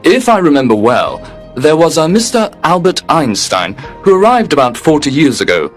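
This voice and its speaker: A man's voice: on the high side, very animated, moderate pace, soft background music. A man playing a polite, unbending receptionist at heaven's gate, speaking formally and with detachment. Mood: calm.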